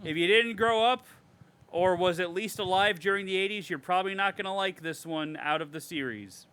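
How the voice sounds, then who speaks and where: A man co-hosting a horror podcast, reading reviews aloud with animated, sarcastic commentary and frequent swearing. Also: sits high, normal speed, smooth. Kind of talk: casual podcast chat.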